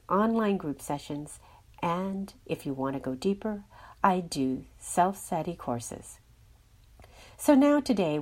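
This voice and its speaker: Slow-spoken woman guiding a meditation. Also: on the low side, darkish tone. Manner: slow, soothing, instructive. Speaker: astrology and healing guide. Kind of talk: guided meditation and forecast.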